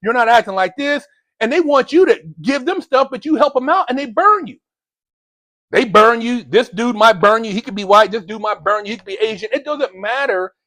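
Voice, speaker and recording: A man's voice: very high-pitched, expressive, fairly quick, sharp tone, dry recording. A man ranting bluntly in a heated, lecturing commentary, using street slang, as a motivational vlogger.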